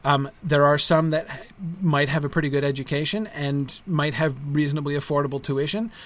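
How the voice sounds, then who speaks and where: A middle-aged man talking casually to viewers as a school founder, halting with many fillers and restarts and a frequent tag question at the end of his points. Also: fairly high pitch, fairly even intonation. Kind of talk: casual livestream talk.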